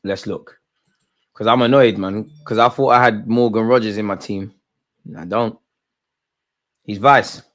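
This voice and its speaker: A man's voice: fairly low pitch, fairly even intonation, measured pace, long pauses, a bit bright. Opinionated young man chatting football. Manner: chatty, opinionated, rambling banter. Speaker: football watch-along host. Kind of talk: casual live match commentary.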